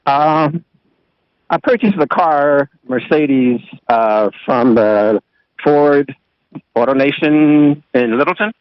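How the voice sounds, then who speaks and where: A man's voice: a little high, takes it slowly. A man calling in to a radio show, hesitant and giving terse answers. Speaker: caller. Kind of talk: phone-in call. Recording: dull lo-fi radio stream.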